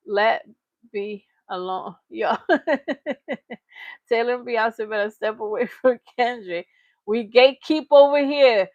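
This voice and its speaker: A woman hosting a reaction channel, giving blunt, animated commentary and reading her live chat, laughing often. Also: fairly high pitch, slow, long pauses, no echo, highs cut off. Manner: animated, blunt, laughs often, lots of "you know what I'm saying".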